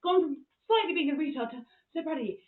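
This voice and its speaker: A woman tells comic stories with frank, sweary energy, her voice pitched a little high. The sound is tinny like a phone line, with a roomy echo behind it. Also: fast talker. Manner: frank and sweary, with animated retelling. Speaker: podcast host. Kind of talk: comic storytelling monologue.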